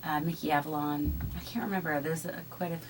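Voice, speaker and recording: A woman's voice: low voice, fast, slight background noise. Giggly young woman radio guest. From Massachusetts. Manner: giggly, relaxed. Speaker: studio guest. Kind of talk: casual radio interview. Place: radio studio.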